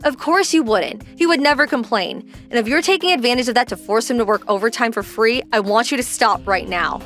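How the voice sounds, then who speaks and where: A woman's voice: a little high, lively intonation, a little fast, fairly bright tone, faint music behind. An actress voicing a worried, protective young wife who confronts her husband's boss insistently.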